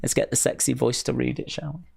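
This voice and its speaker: A man hosting a live wrestling watch-along, answering chat with jokey, sarcastic teasing and sudden loud outbursts. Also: mid-range voice, steady tone, fast, gravelly, husky. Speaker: live stream host.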